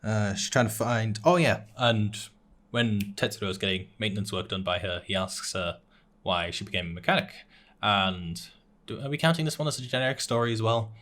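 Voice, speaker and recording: A man's voice: lowish voice, moderate pace, fairly bright tone. A young man co-hosting a casual anime talk show, recapping episodes in a rambling way with lots of "uh" and restarts and laughing at his own jokes. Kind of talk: casual chat.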